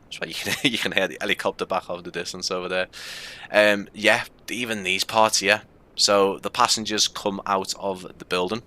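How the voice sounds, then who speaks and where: A man's voice: deep voice, steady tone, moderate pace, bright, forceful tone. A man with a Scouse accent giving casual, rambling commentary on a live game stream, with frequent fillers.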